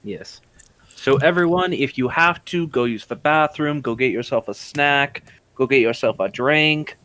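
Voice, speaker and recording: A man's voice: mid-range voice, measured pace, sharp tone, no room sound. A man game master chatting casually at a break, with dry, wry humor.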